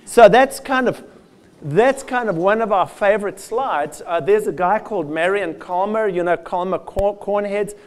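A man giving a lively, conversational field day presentation with slides, addressing farmers directly and joking at his own expense. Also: sits high, moderate pace. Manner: lively with self-deprecating asides. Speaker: soil health speaker.

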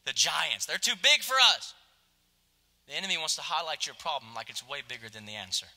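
A male pastor preaching a passionate sermon, swinging from loud exclamations to hushed, quiet asides. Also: a little high, expressive, brisk. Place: church sanctuary. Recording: long hall reverb.

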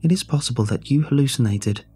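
A man voicing a measured, clinical woman on an undersea station crew in a story reading. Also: medium pitch, mellow, slightly rough, soft background music, voice pushed up. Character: calm female station medic, later upset.

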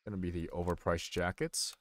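A young man with a low, deep voice talks through his game live at a desk mic, loose and rambling. He thinks out loud and pokes fun at his own mistakes. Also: steady tone, brisk. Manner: rambling, self-deprecating, thinking aloud. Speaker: streamer playing a video game. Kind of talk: casual live gameplay commentary. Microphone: desk microphone.

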